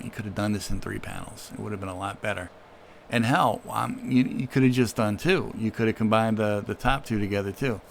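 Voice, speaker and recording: A man's voice: on the low side, a little hiss or hum. A man casually reading through and critiquing a comic book, with an offhand manner and frequent fillers. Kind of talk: casual read-through commentary.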